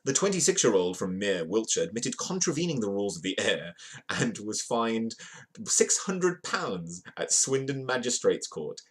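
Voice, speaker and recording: Male streamer hosting an offhand news segment: low, slightly husky voice, playful asides to chat. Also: very animated, moderate pace. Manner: reads headlines aloud, greets chat viewers, playful. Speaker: livestream host. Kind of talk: casual news read-through with jokey asides.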